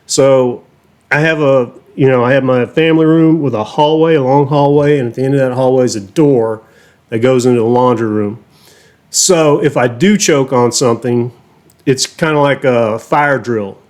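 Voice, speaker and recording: A middle-aged man with a Southern American accent chats casually on his own channel. He tells stories in a loose, profane way and laughs often between lines. His voice sits at an ordinary middle pitch. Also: normal speed, a little mellow. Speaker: reaction channel host. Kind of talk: casual storytelling chat.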